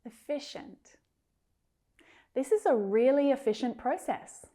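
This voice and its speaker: A woman teaching English pronunciation, carefully repeating each word slowly. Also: sits high, animated, warm tone. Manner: careful, drawn-out repetition of words. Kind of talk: slow pronunciation lesson.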